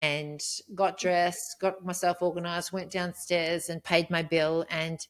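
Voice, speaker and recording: A woman, co-hosting a podcast, telling a painful personal story in a rambling way, swearing and rising into high outbursts. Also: little pitch movement, unhurried. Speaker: podcast co-host.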